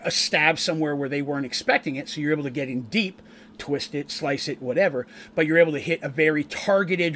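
A man raised in Canada, an adult who is the eldest grandchild and has a wife, recaps a tabletop campaign on his stream as its game master. His voice runs on the high side and a bit bright, with slight background noise, and he rambles casually, often restarting sentences.

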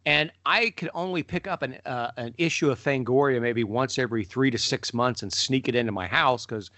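A middle-aged man co-hosting a podcast, telling stories in a lively way and jumping up in pitch when he mimics people. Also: fairly quick, no echo. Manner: animated storyteller, mimics voices with sudden pitch jumps. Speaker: podcast co-host. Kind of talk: casual conversation.

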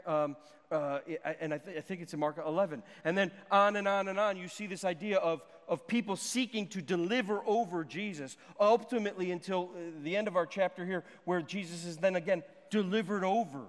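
A man with a notably high voice for his sex works through a Bible passage as a teacher. He keeps turning to his listeners with a questioning "right?" His voice rings out with a long, lingering reverb, like a large hall. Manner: checks in with the listener with frequent "right?".

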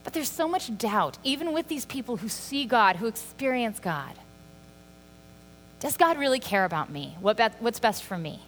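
A woman giving a sermon in a relaxed, conversational way, filling pauses with "like" and "um". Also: a little high. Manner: conversational, lots of "like" and "um". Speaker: preacher. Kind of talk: casual sermon. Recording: long hall reverb with faint mains hum.

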